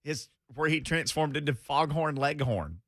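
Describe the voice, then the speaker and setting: A man's voice: on the high side, animated, normal speed, a bit bright, dry recording, clean studio sound. A man co-hosting a sports radio show in a wry, joking manner. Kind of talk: casual sports talk.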